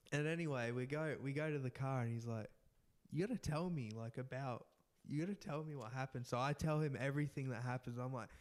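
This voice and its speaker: A young man telling an animated story in casual podcast chat, often laughing and restarting his sentences. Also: medium pitch. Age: young adult. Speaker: podcast co-host.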